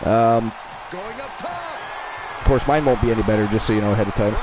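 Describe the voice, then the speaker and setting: A man's voice: lowish voice, steady tone, very fast, crowd noise, low-quality recording. A man hosting an online wrestling show, chatting casually and teasing his co-hosts in a playful way. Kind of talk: casual livestream chat.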